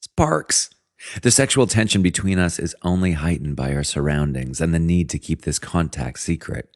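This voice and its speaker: A man's voice: a bass voice, brisk, no room sound, studio quality. A man narrating an audiobook in the first person, wry and conversational, with self-mocking asides.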